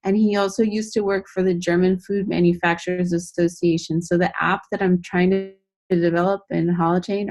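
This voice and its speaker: A woman shares a lively story during a casual group call. Her delivery is bubbly and excited, and she rushes ahead as the story unfolds. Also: lowish voice. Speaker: call participant. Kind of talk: casual check-in on a video call.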